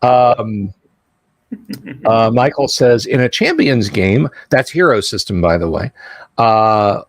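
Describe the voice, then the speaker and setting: A man's voice: on the low side, takes it slowly. A man hosting a livestream, chatting casually about tabletop games and acting out quoted lines as he tells stories. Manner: animated storyteller, acts out quoted voices. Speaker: livestream host.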